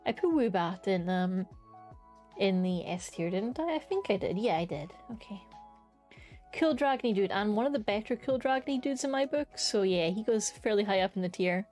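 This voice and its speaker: A woman's voice: mid-range voice, expressive, normal speed, a little mellow. A young woman talks into a desk mic at home, chatty and bubbly, her voice sitting in an ordinary middle register. Faint music plays behind her as she gushes and swears offhandedly. Her delivery is loose, unscripted stream chatter. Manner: chatty, enthusiastic, swears casually. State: hiccups. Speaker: streamer ranking creatures. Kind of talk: casual live-stream commentary.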